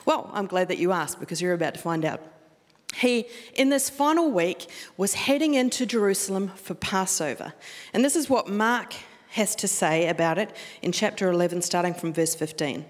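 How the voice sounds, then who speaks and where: A woman's voice: fairly low pitch, expressive, moderate pace. Chatty New Zealand woman preaching in hall. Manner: conversational, storytelling with laughs and restarts. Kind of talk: sermon with personal story. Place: church hall. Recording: long hall reverb.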